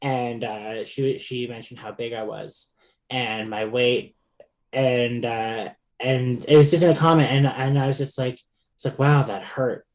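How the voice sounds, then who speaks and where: A man's voice: mid-range voice, steady tone, measured pace. A man talking as a podcast guest in casual chat, stopping and restarting often and laughing between stories.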